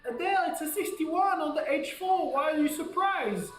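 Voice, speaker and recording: A man putting on a puzzled, pushy viewer in a high mock-whiny questioning voice. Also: animated, moderate pace, fairly bright tone, soft background music. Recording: echoey room.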